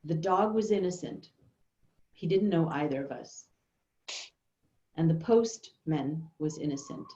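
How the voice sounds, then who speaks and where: Older-ish woman, workshop speaker, slow and thoughtful, lots of ums, lowish voice, roomy echo. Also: lively intonation, warm tone. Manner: unhurried, thoughtful, with many pauses and fillers. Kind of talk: storytelling talk. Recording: dull, echoey room recording.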